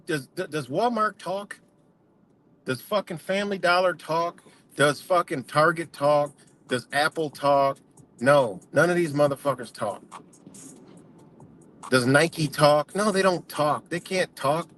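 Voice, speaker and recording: Profane ranting man, high-ish voice. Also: measured pace, a bit bright, a little hiss or hum. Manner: profane, heated, emphatic. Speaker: vlogger. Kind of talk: heated casual rant.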